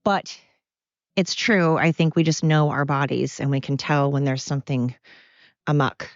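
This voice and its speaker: A woman's voice: deep voice, steady tone, normal speed, dry recording. An American woman hosting a podcast at home, talking in a blunt, candid, rambling solo monologue. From United States. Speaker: podcast host. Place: at home with her dogs. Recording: dull, dry lo-fi sound.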